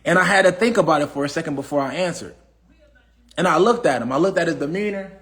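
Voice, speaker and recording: Brief: high-pitched man, AAVE, preachy livestream motivational speaker, repeats himself. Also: quick pace, a bit bright. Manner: preachy, repetitive, asks the audience questions. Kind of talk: casual motivational talk.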